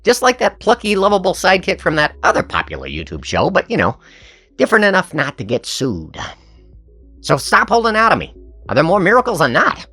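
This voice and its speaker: A man voicing a plucky, pushy squid sidekick with an excited, needling delivery. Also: sits high, brisk, slightly rough, soft background music, pitched above the performer's own voice, heavily acted.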